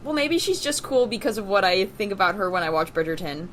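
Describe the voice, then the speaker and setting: A woman's voice: mid-range voice, big pitch swings, brisk, a bit bright, a little hiss or hum. A woman co-hosting a casual podcast, reading out history facts with many fillers and restarts. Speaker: podcast co-host. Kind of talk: casual chat.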